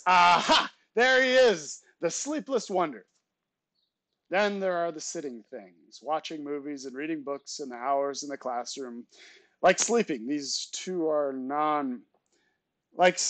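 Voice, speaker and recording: A male teacher reading a novel aloud to his students, with relaxed, chatty asides between passages. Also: a little high, no echo.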